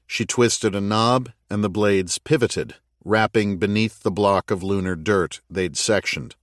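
A low-voiced male audiobook narrator reads scripted narration in a steady, measured way. The studio-quality recording has no room sound.

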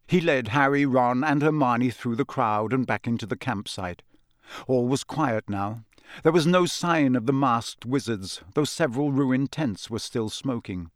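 Measured and expressive, a man narrates a scripted audiobook in a medium-pitched voice. The clip has clean studio sound without any echo.

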